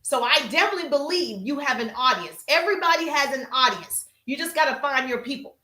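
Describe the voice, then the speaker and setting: A woman teaching social media business strategy on a live stream, energetic and emphatic, calling out to viewers in the chat. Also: high voice, fast, reverberant.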